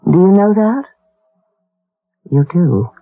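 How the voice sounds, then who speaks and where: An actress playing a practical, matter-of-fact woman in a 1970s radio drama, speaking briskly. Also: fairly low pitch, sing-song, exaggerated voice. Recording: tinny old radio broadcast.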